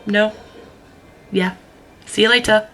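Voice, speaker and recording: A woman's voice: medium pitch, fairly even intonation, takes it slowly, fairly bright tone. A young woman vlogging in a casual, rambling way, full of fillers and restarts. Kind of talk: casual vlog chat.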